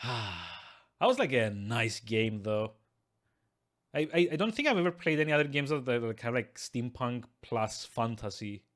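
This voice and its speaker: A man live-streaming a game from his desk, talking casually to viewers. He rambles, stumbles over his words and restarts his sentences. He chuckles often, and his voice sits at a middling pitch. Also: very animated, normal speed, a bit bright. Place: at his desk with two screens.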